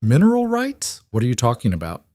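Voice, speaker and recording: A man's voice: mid-range voice, lively intonation, brisk, mellow, no room sound, studio quality, natural voice. A man voicing a cornered young bride who pleads and argues with rising desperation. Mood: stunned.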